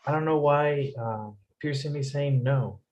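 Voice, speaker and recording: A man's voice: a little high, a little slow, a little mellow. A man teaching an English lesson, patiently repeating phrases and explaining rising intonation. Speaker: English tutor.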